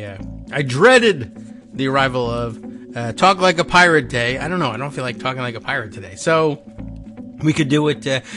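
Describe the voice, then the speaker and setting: Rambling male morning-show host. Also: medium pitch. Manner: rambling, full of uhs and musing asides. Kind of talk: casual morning talk show monologue.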